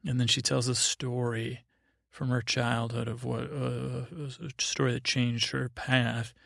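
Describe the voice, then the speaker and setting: A man hosting a sleep podcast, giving a meandering, low-key recap of a show. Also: level tone, a little slow, vocal fry, fairly bright tone, no room sound, clean studio sound. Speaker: podcast host. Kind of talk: drowsy rambling recap for sleep.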